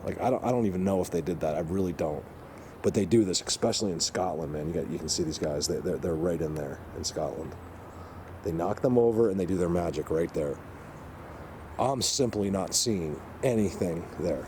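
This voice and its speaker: A man vlogging on a handheld camera outdoors in the woods, rambling excitedly and talking to his viewers. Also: low-pitched, brisk. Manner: excitable, rambling, addresses viewers as you guys. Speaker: Bigfoot hunter vlogger. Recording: noisy outdoor camera audio. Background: birds and outdoor ambience.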